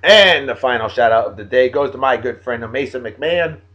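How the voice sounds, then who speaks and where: A man hosting a daily video show, reading out shout-outs to viewers in a jovial, folksy way with lively swings in his voice. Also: fairly quick. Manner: jovial, folksy, animated, big pitch swings. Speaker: host of a daily beer and song video show. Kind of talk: casual shout-outs monologue.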